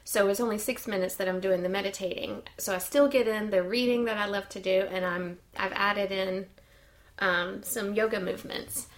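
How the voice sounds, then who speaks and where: A woman's voice: medium pitch, steady tone, moderate pace. A woman, co-hosting a podcast in casual chat, talking freely with fillers and easy laughter. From United States. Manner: chatty, laughs easily, many fillers. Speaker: podcast co-host. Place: lives in Sweden.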